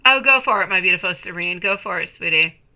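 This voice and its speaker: A woman with a very bright, sharp voice reads tarot live for her viewers. She gushes over them with pet names and breaks into excited bursts between softer, soothing stretches. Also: lowish voice, fast, rough recording. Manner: affectionate, calls viewers sweetie and my lovely. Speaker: tarot reader. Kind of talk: live-stream chat with viewers.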